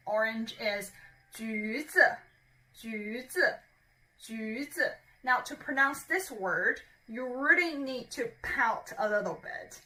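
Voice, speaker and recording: A woman's voice: a little high, sharp tone, distant mic. A woman teaching a beginner language lesson, patiently repeating words for learners, a little playful.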